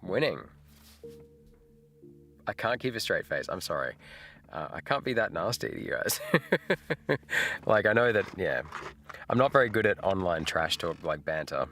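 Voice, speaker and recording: Aussie guy streaming, low voice but swings up and down a lot, chill rambly chat. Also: big pitch swings, unhurried, pauses often, fairly bright tone, soft background music. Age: middle-aged. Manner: laid-back, rambling, laughs often. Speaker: livestream host. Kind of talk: casual live chat with viewers.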